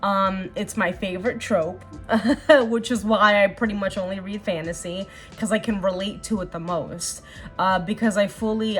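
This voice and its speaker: A woman's voice: mid-range voice, a bit bright. A young woman vlogger talking earnestly and casually while doing her makeup, rambling with fillers. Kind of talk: casual get-ready-with-me chat.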